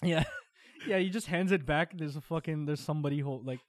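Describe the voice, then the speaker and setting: A young man co-hosting a podcast, slangy and quick to laugh in casual chat. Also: on the high side, no room sound, clean studio sound. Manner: laughs often, animated, slangy. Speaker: podcast co-host.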